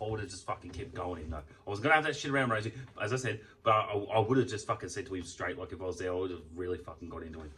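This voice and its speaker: A man's voice: fairly low pitch, pushed and bright, far from the mic. A young Australian man ranting in a casual vlog, heated and swearing a lot. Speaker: vlogger. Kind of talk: casual venting rant.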